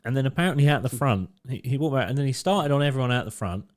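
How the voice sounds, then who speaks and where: A man's voice: medium pitch, lively intonation, quick pace. A young man co-hosting a podcast, telling blunt, sweary stories from his security work with lots of laughter. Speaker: podcast co-host and door security worker. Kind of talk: casual storytelling chat.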